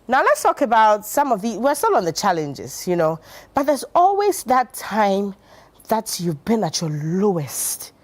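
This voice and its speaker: A woman's voice: medium pitch, huge pitch swings, measured pace. A woman with a Ghanaian English accent hosting a TV talk show from a studio, playful and acting out quotes. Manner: playful, acts out quotes with laughter.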